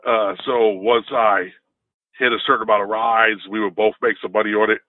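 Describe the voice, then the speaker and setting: A man co-hosting a podcast, telling a story in an animated, casual way. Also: moderate pace, no room sound. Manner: animated, jumps into higher pitch when telling a story. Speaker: podcast co-host. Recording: tinny phone-like dry sound.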